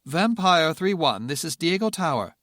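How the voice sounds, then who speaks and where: A man's voice: on the high side, very animated, normal speed, sharp tone, no room sound, studio quality, pitched above the performer's own voice. A man voicing an agitated male air tower controller with a British accent, barking officious commands.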